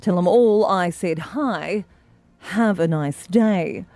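This is a stiff, slow newsreader voice, put on by a woman radio host. She reads the lines in a flat, deadpan way. The studio sound is dry and close. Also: fairly low pitch, no room sound. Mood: deadpan reading. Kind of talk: deadpan newsreader voice reading song lyrics. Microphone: studio microphone.

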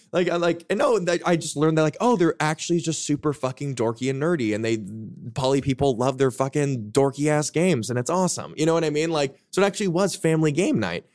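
A man's voice: on the high side, fast talker, few pauses, no echo, studio quality. A man in his twenties telling candid, profane stories as a guest author on a casual podcast.

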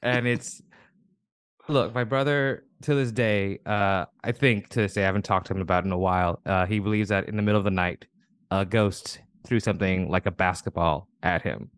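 A male comedian chatting as a podcast guest, quick and self-amused, with chuckling asides. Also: deep voice, fairly even intonation, smooth, dry recording, clean studio sound. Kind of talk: casual chat.

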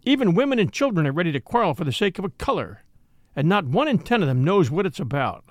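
A grave working-class cab driver and father, earnest and firm as he lectures his family, read by a man. His lively, rising and falling voice comes across close and dry in a storybook reading. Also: high voice, fast talker, no echo.

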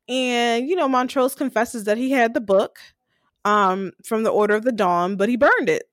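A young woman co-hosting a casual recap podcast, retelling scenes with lively acted-out quotes. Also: fairly high pitch, normal speed, dry recording, studio quality. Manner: animated retelling, acting out characters' lines. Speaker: podcast co-host.

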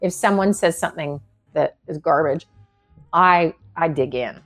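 A woman's voice: sits low, a little slow, fairly bright tone, soft background music. Rambling, thoughtful woman chatting on a podcast. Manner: thoughtful, rambling, laughs often. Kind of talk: casual podcast chat.

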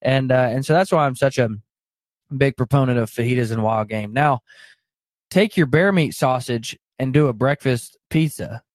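A man's voice: medium pitch, normal speed, no room sound. A man hosting a podcast in casual chat, making his points in an emphatic, preachy way. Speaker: podcast host.

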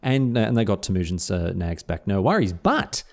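A man's voice: low voice, big pitch swings, moderate pace, darkish tone. A man with an Australian accent, a host telling history in a casual, irreverent way with slang asides.

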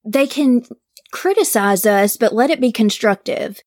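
A woman's voice: fairly high pitch, expressive, a little slow, a little mellow, no echo, clean studio sound. A woman who hosts a true crime podcast, appearing as an interview guest and speaking in an earnest, agreeable, thoughtful way. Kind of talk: casual interview chat.

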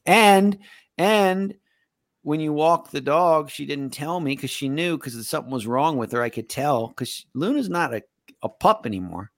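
A man's voice: a little high, animated, moderate pace, dry recording, clean studio sound. A middle-aged man co-hosting a sports betting podcast, talking in a blunt, rambling way and swearing freely. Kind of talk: casual chat.

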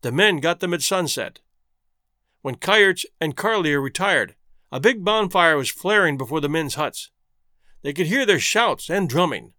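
A man reads a story aloud with a lively, rising and falling delivery. His voice sits a little high for a man, and the recording is dry and close, with no room sound. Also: a little slow, no room sound. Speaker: narrator. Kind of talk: scripted story narration.

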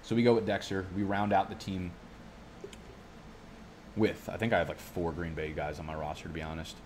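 A young man with a very low, deep voice chats through a fantasy draft in a loose, rambling way. He swears often and keeps drifting off on tangents. Faint background noise sits under the recording. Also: little pitch movement, a little fast. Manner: rambling, profane, goes off on tangents. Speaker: fantasy football YouTuber. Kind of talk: casual vlog commentary while drafting.

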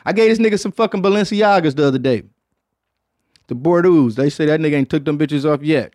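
A man's voice: fairly high pitch, brisk, a little mellow, no echo, clean studio sound. A man from Detroit hosting a podcast in casual chat, rambling and slangy and swearing often, with "man" at the end of many lines. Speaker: podcast host.

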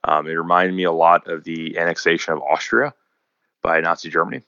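A young American man in his twenties, answering interview questions in a halting way with fillers and repeats. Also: low-pitched, fairly even intonation, creaky, sharp tone, clean tone, no room sound, muffled recording. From United States. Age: 20s. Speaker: interviewee, volunteer fighter.

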